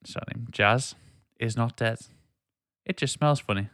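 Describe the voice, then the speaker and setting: A man's voice: medium pitch, measured pace, fairly bright tone, no room sound, studio quality. A man, hosting a casual podcast quiz in a joking, teasing way. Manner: joking, teasing, reads quiz quotes aloud. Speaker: podcast host running a quiz. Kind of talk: casual chat.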